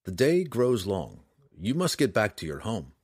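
Guy playing a tired noble elf ranger, quiet low voice, slow and grave, bit husky. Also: huge pitch swings, no echo, studio quality, exaggerated voice. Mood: solemn. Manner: low, quiet and solemn, slow measured speech. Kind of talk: audiobook character voice.

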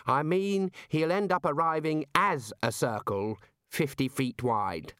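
A man's voice: a little high, unhurried, a bit bright, clean tone, no echo, studio quality, pitched above the performer's own voice. A man voicing an earnest young wizard assistant who explains things precisely and patiently. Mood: explaining.

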